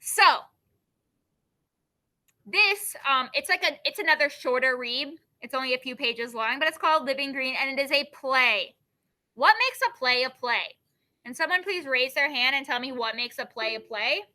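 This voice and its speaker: A woman's voice: high voice, expressive, normal speed, sharp tone. A woman teacher leading a classroom lesson, explaining with everyday examples, often checking in with "okay?" and giving firm directions to the class.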